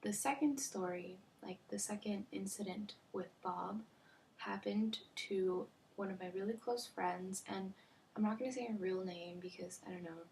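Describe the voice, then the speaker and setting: A woman's voice: medium pitch, steady tone, normal speed, creaky, darkish tone. A young woman telling a storytime vlog in a chatty way, full of "like" fillers, often dropping to a near-whisper. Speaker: vlogger. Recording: faint background noise.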